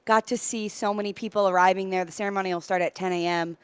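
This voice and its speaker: A woman co-hosts a sports radio show and tells stories in a chatty, animated way. Her voice is smooth and clear. The studio sound is dry, with no room echo. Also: mid-range voice, fast. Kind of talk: casual sports talk.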